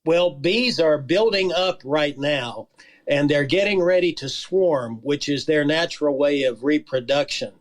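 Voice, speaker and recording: A man, a beekeeper guest on a radio show, telling stories in a calm, measured way. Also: a little high. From Georgia, USA. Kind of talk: casual radio interview.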